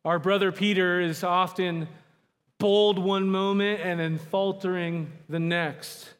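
A man preaching a sermon, emphatic, slowing down to stress key words. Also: high voice, steady tone. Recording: long hall reverb.

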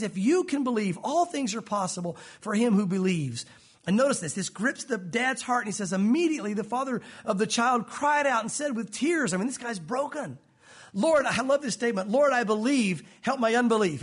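Earnest high-voiced male pastor, husky. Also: animated, fairly quick. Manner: earnest, direct, addresses listeners as guys. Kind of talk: sermon.

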